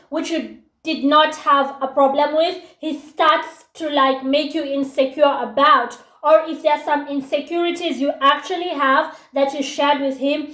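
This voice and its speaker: Speaking in a high, slightly bright voice in an echoey room, a thirtysomething woman whose voice sounds youthful and baby-like chats casually about relationships. She dishes out advice with lots of asides and filler words.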